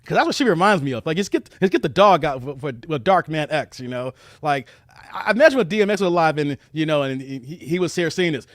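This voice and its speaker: Man, from Chicago, commentary host, high-pitched, close dry sound, mocking. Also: fast, dry recording. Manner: animated, mocking, talks straight to viewers. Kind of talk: reaction commentary livestream.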